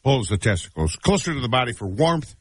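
A man's voice: mid-range voice, sing-song, fairly quick, slightly rough, no echo. A man co-hosting a radio talk show, joking and reading out odd facts in casual banter.

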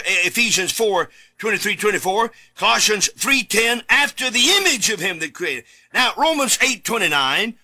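High, bright-voiced emphatic male preacher. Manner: emphatic, repeats key words, shouts for emphasis; reads scripture aloud in old Bible wording. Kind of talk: sermon.

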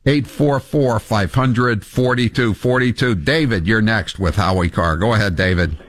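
A male talk radio host delivering animated, sarcastic commentary and taking calls. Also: on the low side, dry recording, studio quality. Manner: animated, sarcastic, quick to rant.

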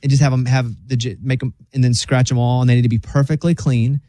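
A man's voice: mid-range voice, quick pace, no echo, studio quality. A man hosting a radio show, chatting casually and joking as he reads stories out. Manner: joking, animated storyteller who slips into silly voices.

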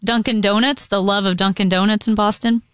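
A woman co-hosting a casual chat, enthusiastic and quick to laugh. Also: mid-range voice, fairly even intonation, smooth, dry recording. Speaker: co-host.

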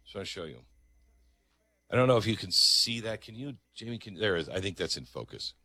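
Animated, sarcastic man hosting talk radio. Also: fairly low pitch, brisk, dry recording, studio quality. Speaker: radio talk show host. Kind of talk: opinionated talk radio monologue.

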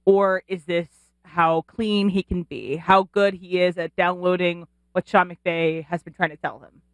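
A woman's voice: lowish voice, no echo, low-quality recording. Chatty woman producer on sports radio. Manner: chatty, quick to laugh, restarts when excited. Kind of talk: casual sports talk.

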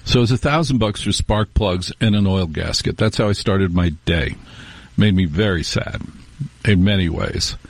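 A man's voice: sits low, normal speed, creaky, dry recording. A middle-aged man hosting a talk radio show, telling rambling, wry stories with restarts in a casual monologue.

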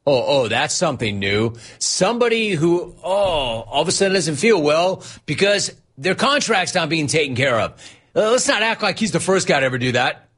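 A man hosting a sports talk show, teasing and animated, reading out chat and laughing often. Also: sits high, moderate pace.

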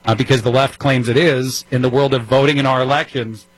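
A man's voice: mid-range voice, steady tone, brisk, slightly rough, no room sound, low-quality recording. A man from New Jersey with a New Jersey accent, filling in as a political talk radio host, talking in a wry, conversational way with frequent fillers.

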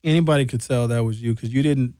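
A middle-aged man hosting a radio show, talking in an animated, opinionated way and sometimes acting out other people's voices. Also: mid-range voice, fast talker, no echo, clean studio sound. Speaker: radio host. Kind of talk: casual talk radio banter and commentary.

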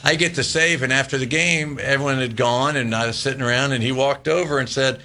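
Bright-voiced former ballplayer telling stories. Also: male voice, mid-range voice, brisk. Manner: animated anecdotes, laughing often. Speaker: former baseball player, guest. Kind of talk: casual storytelling interview.

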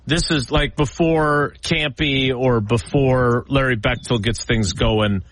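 A male sports talk host introducing clips and questioning his co-host, lively, jokingly mimicking players. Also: mid-range voice, takes it slowly, slight background noise, rough recording.

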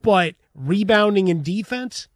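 A man's voice: sits high, animated, measured pace, dry recording. Wry male sports radio co-host. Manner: wry, dry quips. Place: radio studio.

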